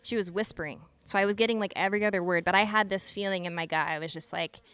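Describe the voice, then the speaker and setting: A woman's voice: mid-range voice, fast talker, fairly bright tone, clean tone. Earnest woman telling a gripping story. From Utah. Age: 30s. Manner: earnest, intense recounting with frequent "like" fillers. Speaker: podcast guest, former emergency dispatcher. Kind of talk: personal storytelling in a podcast interview.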